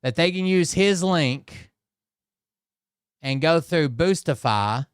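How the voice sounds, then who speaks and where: A man riffs over clips in casual reaction commentary, doubting and mocking what he plays. His voice is smooth and clear, and the recording is close and dry. He trips over his words and restarts often. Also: a little high, animated, takes it slowly, no room sound. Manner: skeptical, mocking asides with hesitant restarts. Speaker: commentary channel host.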